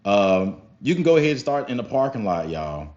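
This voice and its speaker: Animated young man telling a story. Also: lowish voice, moderate pace. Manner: animated, profane, keeps addressing viewers as y'all. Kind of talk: casual storytelling to camera. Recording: slightly dull lo-fi sound with faint music.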